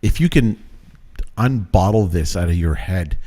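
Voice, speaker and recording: A low-pitched man hosting a podcast in loose, easygoing chat. He tosses in "dude" and the odd curse as he reacts. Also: expressive, measured pace, dark tone. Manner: laid-back, swears casually, says "dude" and "buddy". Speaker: podcast host. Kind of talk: casual chat.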